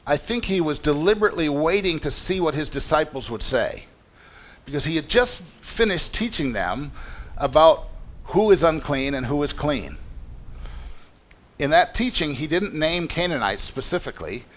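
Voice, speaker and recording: A man's voice: on the high side, lively intonation, normal speed. A man preaching a sermon in a conversational, explanatory way, often restarting his sentences. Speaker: pastor. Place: church meeting room.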